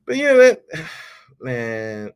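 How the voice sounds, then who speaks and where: Animated ranting podcast host, man. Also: medium pitch, very slow, clean tone. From United States. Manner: animated, ranting, swears freely, repeats himself. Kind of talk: casual ranting commentary.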